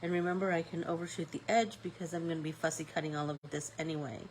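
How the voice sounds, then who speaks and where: A woman's voice: deep voice, fairly even intonation, quick pace, darkish tone, a little hiss or hum, low-quality recording. A woman with a stuffy nose hosting a live-stream art class, chatting casually and thinking aloud with fillers as she paints.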